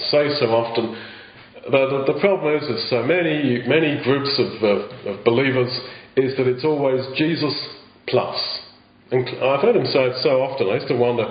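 A man preaching a sermon in an earnest way, asking rhetorical questions and often restarting his phrases. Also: on the high side. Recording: echoey, dull lo-fi sound.

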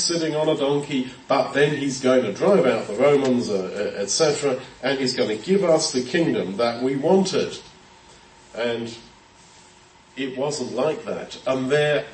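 A man's voice: medium pitch, slight background noise. A man giving a conversational Bible-teaching sermon, thinking aloud with frequent fillers and restarts. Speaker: preacher. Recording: roomy sound from a distance.

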